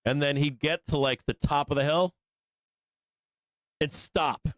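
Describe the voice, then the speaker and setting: A man's voice: fairly high pitch, steady tone, measured pace, fairly bright tone, dry recording. A man hosting a live trading show, telling a long story in a casual, profane, rambling way, laughing often between lines. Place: studio office.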